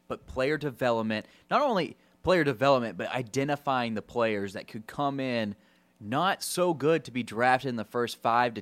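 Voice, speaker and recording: A man's voice: medium pitch, fairly bright tone, no room sound. A man co-hosting a sports talk show, confident and emphatic, building up points with lists of names. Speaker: sports radio co-host. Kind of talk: casual sports chat.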